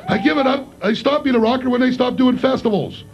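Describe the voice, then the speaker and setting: A man emceeing a comedy show and doing his own stand-up on a club stage, with a loud, rowdy, hyped delivery. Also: extremely high pitch, brisk. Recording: dull lo-fi live club recording.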